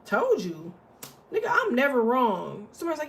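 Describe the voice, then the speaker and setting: A woman's voice: on the high side, huge pitch swings, normal speed, slight background noise. A woman giving a casual astrology and tarot reading, talking bluntly and profanely, rambling with lots of fillers.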